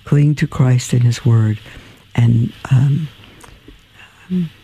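A tired man hosting a religious radio program, answering listener mail in a halting, plain-spoken way with many ums and restarts. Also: medium pitch, gravelly, warm tone, husky, poor audio. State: tired and yawning. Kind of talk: religious call-in radio talk.

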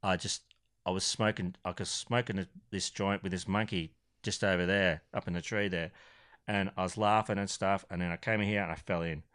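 A man voicing a stoned, laid-back male lizard in a told joke, drawling low and quiet over a video call. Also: fairly even intonation, brisk, smooth.

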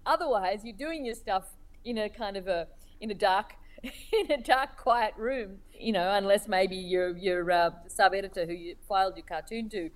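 A woman cartoonist being interviewed, speaking thoughtfully with many pauses, fillers and restarts. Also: medium pitch. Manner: hesitant, many restarts and fillers, laughs while telling stories.

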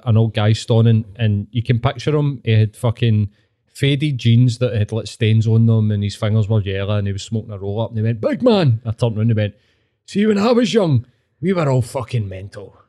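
A Glaswegian man talking in a loose, sweary podcast chat. His voice is mellow and warm, and he laughs a lot and slips into impressions of people he has met. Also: fairly low pitch, fairly even intonation, quick pace. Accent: Glaswegian Scottish. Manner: swearing storyteller, laughs often, mimics people. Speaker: podcast host. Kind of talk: casual chat.

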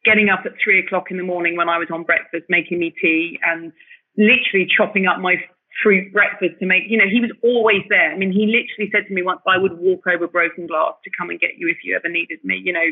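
A woman telling her story as an interview guest, animated and emotional, often restarting her sentences. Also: lowish voice, fast talker, slightly rough. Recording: tinny phone-like line.

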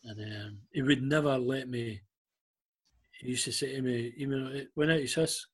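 A Scottish man guest in an interview, telling personal stories haltingly, with frequent ums and restarts. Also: medium pitch, fairly even intonation, husky. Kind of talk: emotional storytelling interview.

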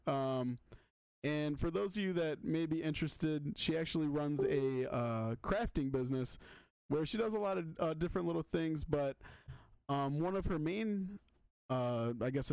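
A man's voice: a little high, normal speed, a little mellow, reverberant, distant mic. A man co-hosting a casual podcast, rambling loosely with lots of ums and restarts. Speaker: podcast co-host. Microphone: close desk mic.

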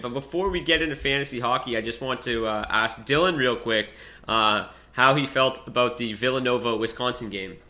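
A man's voice: medium pitch, sharp tone. A man hosting a casual hockey podcast, chatting loosely with laughs and fillers. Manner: laughs easily, many fillers. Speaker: podcast host.

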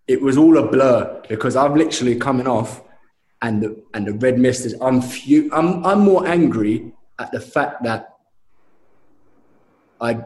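A man's voice: mid-range voice, a little slow, echoey room. Man telling a wild story. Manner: animated storytelling, says mate a lot. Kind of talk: casual podcast chat.

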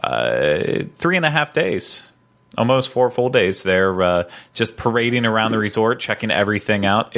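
A man's voice: lowish voice, a bit bright. A man hosting a podcast in casual chat, rambling with lots of fillers and playful banter. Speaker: podcast host.

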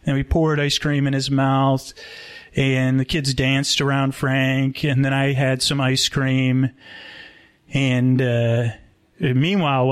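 Brief: male live storyteller, mid-range voice, loose and rambling with restarts. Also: mid-range voice. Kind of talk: improvised comic storytelling at a live show.

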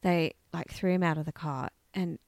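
A woman co-hosting a casual true-crime chat, telling the story in a chatty, animated way. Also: low-pitched, moderate pace, no room sound, clean studio sound. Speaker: podcast co-host.

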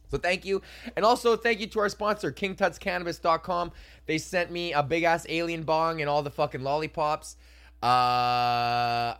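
A man's voice: fairly high pitch, fairly bright tone. Profane, laughing young man ranting. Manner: profane, laughing, acts out customers in voices. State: hiccuping. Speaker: podcast host and comedian. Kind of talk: casual solo podcast rant.

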